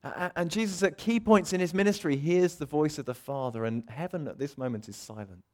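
A man's voice: a little high, a little fast. Dramatic man preaching a sermon. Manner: dramatic, acts out quoted voices, swings loud and soft.

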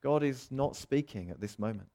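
A man preaching a sermon, dramatic, acting out the voices he quotes and swinging between loud and soft. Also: mid-range voice, animated, moderate pace, vocal fry.

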